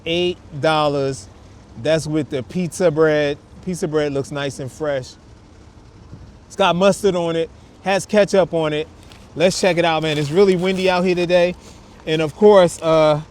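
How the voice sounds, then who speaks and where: A man's voice: a little high, normal speed, a little mellow. A man hosting a casual food review vlog, chatting to viewers in laid-back slang outdoors on a windy city street. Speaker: food vlogger host.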